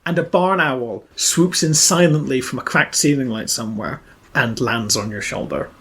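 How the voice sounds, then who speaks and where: A man's voice: mid-range voice, normal speed, fairly bright tone. A man running a tabletop role-playing podcast as game master, narrating scenes and laughing often.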